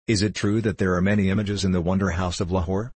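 Old gentle lama, formal old-fashioned talk, low husky tone, read by a man. works for an audiobook. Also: level tone, no echo. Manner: slow, formal, archaic speech.

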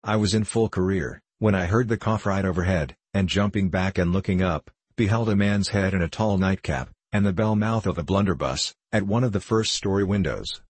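A man reading a novel aloud as a steady, measured narrator. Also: low voice, husky, no room sound. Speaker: audiobook narrator. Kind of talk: scripted narration.

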